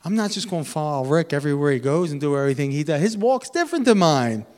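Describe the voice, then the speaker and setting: A man preaching a sermon in a lively, animated way, swinging between loud emphatic bursts and quiet asides. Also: a little high, quick pace. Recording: long hall reverb.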